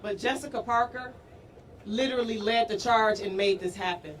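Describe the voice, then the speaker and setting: A woman's voice: on the high side, moderate pace. Rousing woman speaking outdoors, far off. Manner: emotional, rousing, builds to shouting. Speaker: deputy mayor giving a speech. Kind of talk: outdoor public speech. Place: outdoor rally at a school parade. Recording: distant outdoor news mic with street noise.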